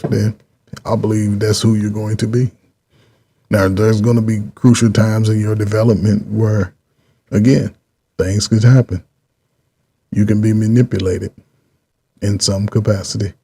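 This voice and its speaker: Gravelly, dark-voiced man rambling on. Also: fairly low pitch. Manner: rambling, repeats himself, drawn-out pauses. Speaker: channel host. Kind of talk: casual political commentary.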